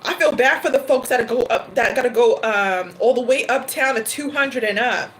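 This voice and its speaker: A woman chats to her livestream viewers, her voice sitting a little high, and she laughs often as she talks. She slips in quick asides along the way. Faint noise hums under the recording. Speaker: tarot reader livestream host. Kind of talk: casual chat to a livestream.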